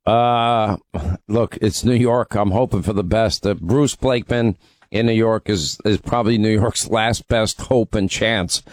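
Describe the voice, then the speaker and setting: A man's voice: fairly low pitch, fairly even intonation, a little slow, dry recording. A man hosting a call-in radio show, needling and arguing with a caller. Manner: combative, needling. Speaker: radio talk show host.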